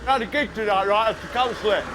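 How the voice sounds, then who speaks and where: A man's voice: high-pitched, fast talker, noisy background, natural voice. A man voicing a cheerful, chatty retired goalkeeper making excuses. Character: cheery retired male goalkeeper, matter-of-fact.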